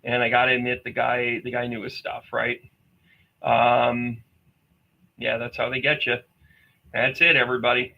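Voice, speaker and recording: A man's voice: mid-range voice, vocal fry, bright, forceful tone, rough recording. A man hosting a psychic medium livestream, talking to viewers in a rambling, chatty way with jokey asides. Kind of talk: casual livestream chat.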